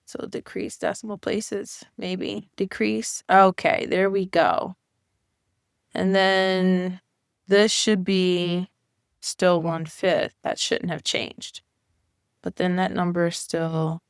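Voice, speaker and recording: A woman, a college instructor, talking through a software tutorial in a chatty way and thinking aloud as she clicks. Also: on the low side, creaky, smooth, no echo, studio quality. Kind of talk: screen-recorded software tutorial.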